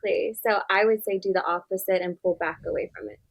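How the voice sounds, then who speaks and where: A woman's voice: mid-range voice, steady tone, quick pace, rough recording. A woman therapist talking as a podcast guest, giving direct, earnest advice and often saying "like". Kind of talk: podcast interview conversation.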